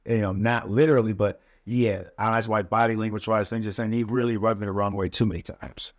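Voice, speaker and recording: A man's voice: on the low side, fairly even intonation, brisk, dry recording, studio quality. A man speaking as a podcast guest, telling a personal story in a loose, conversational way with frequent "you know" asides.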